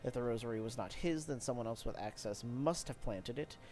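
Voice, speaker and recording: A man's voice: mid-range voice, fairly quick, a little mellow, natural voice. A man voicing an earnest, formal noble knight while reading game dialogue aloud.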